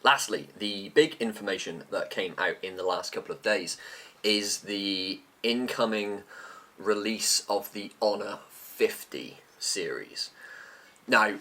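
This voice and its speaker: A man's voice: lowish voice, slow pace, bright, forceful tone. A middle-aged man vlogging in an unscripted, rambling chat about tech, sometimes talking with his mouth full.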